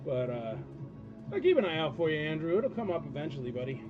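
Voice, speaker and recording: A man's voice: fairly high pitch, very animated, quick pace. A man hosting a live auction stream, rambling and joking with viewers between lots. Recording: dull lo-fi stream audio with loud music behind. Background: music.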